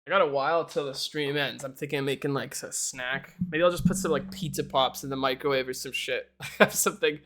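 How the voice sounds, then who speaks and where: A man's voice: medium pitch, fairly even intonation, a little fast, hardly any pauses, fairly bright tone, slight background noise. A young man chatting casually on a live stream, rambling and laughing often. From Canada. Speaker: livestreamer.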